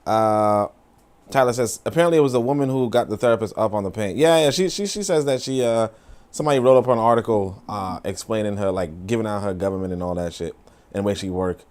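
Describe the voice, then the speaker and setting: A young adult man hosting a casual live-stream, reading viewer comments and riffing with profane, animated storytelling and mocking quoted voices. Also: on the low side, quick pace, clear, resonant tone. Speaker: livestream commentary host.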